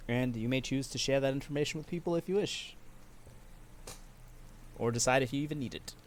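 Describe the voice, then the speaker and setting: Calm man narrating as game master. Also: medium pitch, a little fast, a little hiss or hum.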